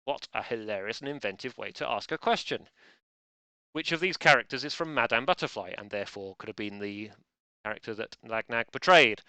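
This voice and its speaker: A man runs a laid-back live quiz, his medium-pitched voice bright and forceful yet smooth and crisp. He talks a little fast and playfully, constantly breaking off into jokey asides. The recording is dry and close, with no room sound.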